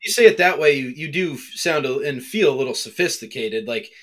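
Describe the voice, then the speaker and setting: A man's voice: a little high, animated, fairly quick, fairly bright tone. A man with an American accent co-hosting a golf podcast, chatting casually and animatedly, steering the show's segments. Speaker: podcast co-host. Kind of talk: casual chat.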